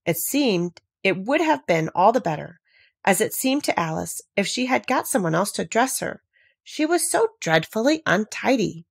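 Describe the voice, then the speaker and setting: A woman reading a children's classic aloud in a measured, even storytelling manner, close to the microphone. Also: medium pitch, creaky, husky, no room sound. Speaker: narrator. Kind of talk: audiobook narration.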